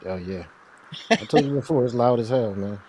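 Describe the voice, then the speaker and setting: A man's voice: mid-range voice, normal speed, a little mellow. A man chatting as a guest on an online talk show, laid-back and slangy in how he talks. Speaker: guest co-host. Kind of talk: casual online show chat.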